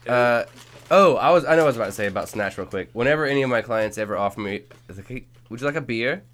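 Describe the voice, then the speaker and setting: A man's voice: fairly low pitch, lively intonation, very fast, fairly bright tone. A man hosting a casual podcast chat with friends, teasing and going round the table with questions. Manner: teasing, asks each person in turn. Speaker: podcast host.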